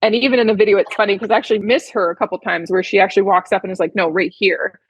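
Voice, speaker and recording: Chatty, heartfelt woman with a husky voice, recorded dry. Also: mid-range voice, rapid-fire, dry recording, poor audio. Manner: chatty, heartfelt, many "like" fillers. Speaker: podcast guest, horse trainer. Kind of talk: casual storytelling interview.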